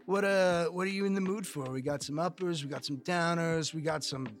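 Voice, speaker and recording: Man putting on a strung-out street dealer, drawling, mellow stoner talk, tabletop game. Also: fairly high pitch, a little fast, soft background music, close to an everyday voice. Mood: laid-back. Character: strung-out, tattooed male street dealer, laid back.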